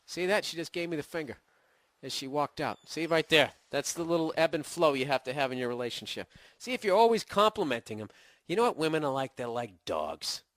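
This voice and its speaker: A man's voice: on the high side, lively intonation, fairly quick, a bit bright, no room sound. A middle-aged man with a Boston accent hosting a podcast, ranting in a profane, sarcastic comedic monologue. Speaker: podcast host.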